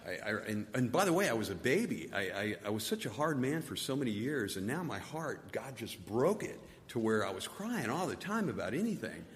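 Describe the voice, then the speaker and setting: A middle-aged man giving a personal testimony, halting and soft-spoken, often repeating his words. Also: mid-range voice, big pitch swings. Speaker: testimony speaker. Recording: long hall reverb, faint noise.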